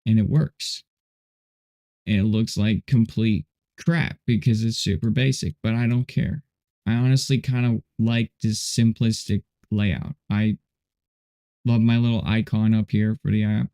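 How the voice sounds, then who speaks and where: Male streamer, relaxed and rambling, mellow low-key voice, chats to his viewers while he works. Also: measured pace. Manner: rambling, laid-back, says dude and you know a lot. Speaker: livestream host. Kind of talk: casual livestream chat while coding.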